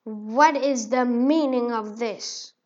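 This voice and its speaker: A woman puts on a haughty male rat king from a storybook, a villain who booms and blusters. The voice sits a little above an ordinary woman's pitch, and the recording is dull and lo-fi. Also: steady tone, slow pace. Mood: outraged. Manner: loud, blustering, booming.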